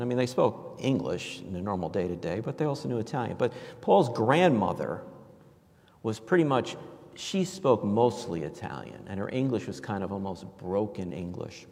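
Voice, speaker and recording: A man's voice: fairly low pitch, a little mellow, in a large hall. A man from New York giving a storytelling homily in a conversational, reflective way, with frequent fillers and restarts. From New York, USA. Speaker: preacher.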